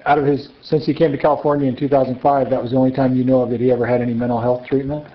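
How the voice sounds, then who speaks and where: Brisk male interviewer asking questions. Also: mid-range voice, level tone. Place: front room of the interviewee's home. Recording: muffled recording with faint noise.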